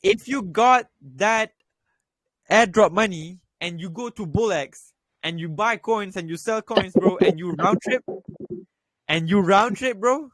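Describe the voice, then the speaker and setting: Blunt swearing young man, fairly high voice. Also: measured pace, a bit bright, no echo. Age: young adult. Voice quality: blunt, swears often, repeats points. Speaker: crypto trading voice chat host. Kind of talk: casual voice chat advice.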